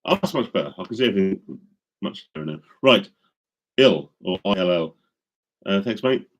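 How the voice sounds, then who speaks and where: A man's voice: low-pitched, expressive, moderate pace, highs cut off. A middle-aged man casually chatting with viewers on a live stream, rambling with many ums and restarts, into a studio microphone.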